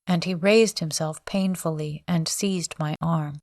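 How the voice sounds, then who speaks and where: Woman, sleep story narrator, slow, calm, measured, low voice. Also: dry recording, clean studio sound. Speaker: audiobook reader.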